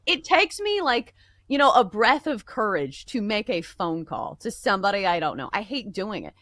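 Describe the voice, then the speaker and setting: A woman's voice: mid-range voice, sing-song, moderate pace, a bit bright, dry recording. A young woman co-hosting a sports betting show, chatting casually in a blunt, emphatic way. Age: young adult. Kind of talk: casual chat.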